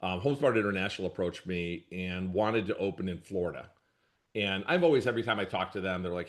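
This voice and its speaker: A man's voice: deep voice, quick pace. A middle-aged man, a brokerage leader answering interview questions in a rambling, easygoing way, often correcting himself and laughing.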